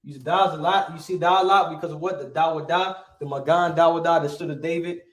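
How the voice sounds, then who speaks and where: A man's voice: a little high, fairly even intonation, a little fast, fairly bright tone, echoey room. A man teaching a lesson, asking rhetorical questions and punctuating points with emphatic asides. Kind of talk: classroom lesson.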